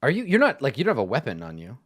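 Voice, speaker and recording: A man voicing a huge, stern but bumbling male camp commander in a tabletop game, gruff and suspicious. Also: mid-range voice, huge pitch swings, racing, a bit bright. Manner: gruff and suspicious, easily distracted.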